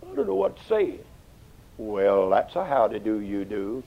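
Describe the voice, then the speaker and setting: An older man preaching a sermon, folksy and storytelling, swinging between loud outbursts and hushed asides. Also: lowish voice, sing-song, unhurried, vocal fry. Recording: dull lo-fi sound.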